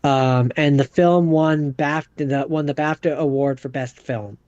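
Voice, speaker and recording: A man co-hosting a podcast, reading out film facts haltingly with many fillers. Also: fairly high pitch, a little mellow, dry recording, lo-fi sound. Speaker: podcast co-host. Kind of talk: casual movie chat.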